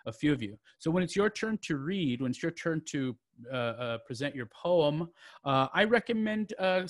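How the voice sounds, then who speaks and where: A man's voice: mid-range voice, no room sound. A man hosting a poetry open mic over a video call, chatty and joking, with many fillers and restarts.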